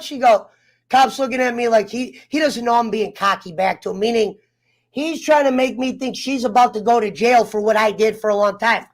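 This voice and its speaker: A man's voice: extremely high pitch, moderate pace. A man telling a personal story in casual chat, heated and profane, getting fired up as he talks. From United States. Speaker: round table guest.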